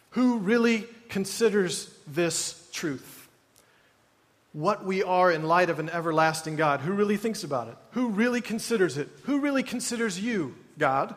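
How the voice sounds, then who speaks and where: A man's voice: high voice, animated, moderate pace. A man preaching a sermon in a conversational way, with wry asides and mock groans. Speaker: pastor. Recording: long hall reverb.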